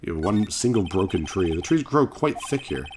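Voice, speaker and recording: A man's voice: sits low, very animated, moderate pace, background noise. A man in his thirties playing a game on his channel, chatting casually, reading out dialogue, and rambling with lots of self-corrections. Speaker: gaming channel host.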